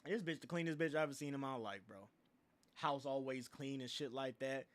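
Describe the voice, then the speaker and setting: A man's voice: mid-range voice, fairly even intonation, a little fast. A young man hosting a livestream, ranting in a casual, profane way with laughs and repeated filler phrases. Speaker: livestream host.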